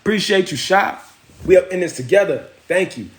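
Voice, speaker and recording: Man, livestream host, casual slangy storytelling, shout-outs to viewers, fairly high pitch, roomy echo. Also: expressive, fairly quick, heavy background noise. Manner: slangy, loose, greets viewers mid-story.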